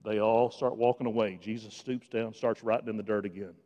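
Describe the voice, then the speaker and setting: A man preaching a sermon in a church, swinging between hushed, quiet lines and loud, rising ones, with touches of sarcasm. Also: lowish voice, fairly even intonation, fairly quick, in a large hall, dull audio. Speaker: pastor. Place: church sanctuary.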